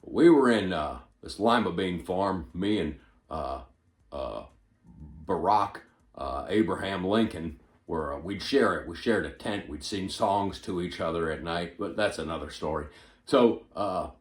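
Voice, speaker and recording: A male comedian doing an impression of a rambling, forgetful elderly male politician, stumbling over repeated words with sudden loud bursts. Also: low-pitched, lively intonation, unhurried, roomy sound. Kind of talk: stand-up impression monologue.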